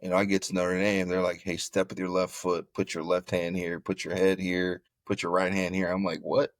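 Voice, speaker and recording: A middle-aged man from Florida, a former football player, telling his story in an interview with animated, repeated phrases. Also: deep voice, fairly quick, no room sound.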